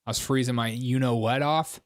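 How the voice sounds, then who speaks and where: A man hosts a casual livestream, riffing sarcastically on election coverage and talking over the broadcast while laughing frequently. His mid-range voice is steady and a little fast.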